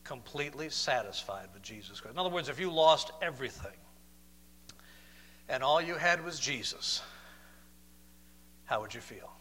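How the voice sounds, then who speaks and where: A man preaching a sermon, moving between loud, emphatic declarations and soft, slow, questioning passages. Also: mid-range voice, expressive, big-room sound, a little hiss or hum.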